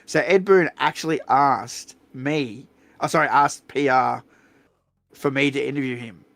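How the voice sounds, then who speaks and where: Blunt, gravelly Australian man. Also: medium pitch, a little slow, no room sound. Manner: blunt, profane, animated storytelling. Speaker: streamer host. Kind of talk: casual storytelling chat.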